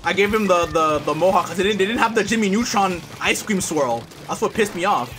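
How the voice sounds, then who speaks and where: A man streaming live gameplay, talking to his teammates and viewers and loudly trash-talking opponents. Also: high voice, brisk, noisy background. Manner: excitable, yells and trash-talks at opponents.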